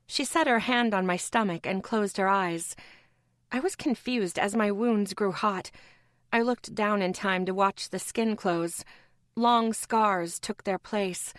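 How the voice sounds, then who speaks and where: A woman reads a first-person audiobook in a measured, steady way at a middle pitch. The recording is dry, with no room sound. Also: no room sound. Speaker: audiobook narrator. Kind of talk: scripted first-person narration.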